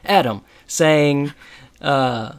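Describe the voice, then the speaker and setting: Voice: mid-range voice, drawn-out words, smooth. A podcast co-host who recaps a TV episode scene by scene in casual, joking chat.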